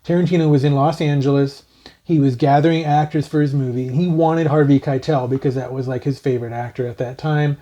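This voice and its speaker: A co-host on a casual movie review show, calmly sharing behind-the-scenes trivia. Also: mid-range voice, brisk, muffled recording. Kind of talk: casual film review chat.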